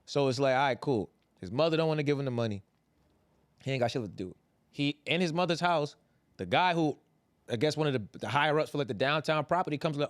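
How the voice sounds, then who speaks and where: A young man talks fast and loose on a podcast, swearing and slipping into the characters' voices. His voice sits a bit high, and the sound is dry and close. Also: dry recording. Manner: animated, profane, acts out quotes. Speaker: podcast co-host. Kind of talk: casual recap chat.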